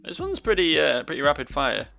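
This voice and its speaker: Gravelly man rambling over gameplay. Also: a little high, huge pitch swings, brisk, sharp tone, soft background music. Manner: rambling, self-mocking, swears freely. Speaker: let's play host. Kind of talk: casual game commentary.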